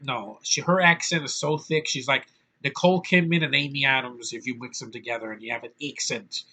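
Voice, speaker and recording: A man's voice: fairly high pitch, pushed and bright. A man giving a casual, blunt and profane movie review from a small hot room, with many fillers.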